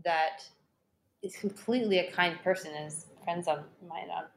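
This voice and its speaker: A woman in casual conversation, chatty, getting animated as she describes things. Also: on the low side, moderate pace, creaky, a little hiss or hum. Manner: chatty, animated when quoting voices. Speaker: conversation partner.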